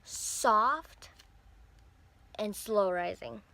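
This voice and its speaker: A young woman chatting casually as she unboxes squishy toys, gushing and breathy as she talks. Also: medium pitch, very slow, pushed and bright. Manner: gushing, breathy squeals over cute toys. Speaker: vlogger.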